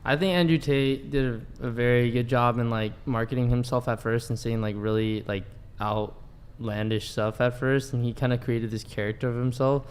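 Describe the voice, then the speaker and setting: A man's voice: medium pitch, steady tone, normal speed, hardly any pauses, smooth. A man on a dating talk panel, giving his opinion in a rambling way with lots of "like.". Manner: rambling, filler-heavy, full of "like". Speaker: panel guest. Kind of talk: casual opinion chat.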